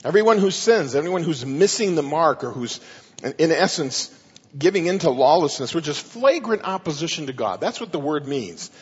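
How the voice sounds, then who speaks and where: Emphatic pastor in a reverberant hall. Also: male voice, on the high side, expressive, normal speed, breathy edge. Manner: emphatic verse-by-verse Bible teaching. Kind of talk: sermon. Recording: muffled sound with long hall reverb.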